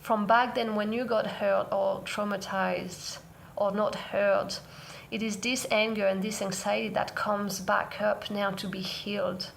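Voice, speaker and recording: A woman vlogger sharing a personal parenting story in an earnest, soft-spoken, reflective way. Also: mid-range voice, little pitch movement, a little slow, creaky, slight background noise. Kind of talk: heartfelt personal sharing to camera.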